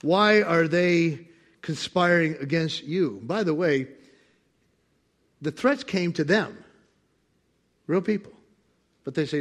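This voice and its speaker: A man preaching a sermon as pastor, animated and playful, acting out voices with bursts of laughter. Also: a little high, slow pace, long pauses. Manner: animated, acts out God's voice with laughter.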